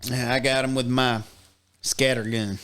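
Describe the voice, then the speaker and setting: A man voicing a rough, boastful male bayou gator hunter in a put-on Louisiana drawl for a comic podcast bit. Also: mid-range voice, little pitch movement, measured pace, fairly bright tone, close to an everyday voice. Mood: folksy. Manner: boastful, folksy, crude.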